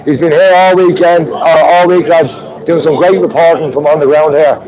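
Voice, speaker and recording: A man's voice: a little high, steady tone, moderate pace, a little mellow, poor audio. A man with an Irish accent hosting a live stream from a street protest, chatting with viewers. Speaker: livestream host. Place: outdoor street protest with trucks. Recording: crowd noise behind. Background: crowd and vehicle noise.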